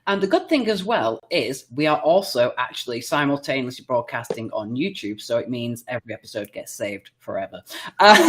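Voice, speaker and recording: A woman's voice: rumbling low, wildly swooping pitch, moderate pace, a bit bright. A Scottish woman hosting a casual live-stream show, bubbly and cheeky, laughing often. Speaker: livestream show host.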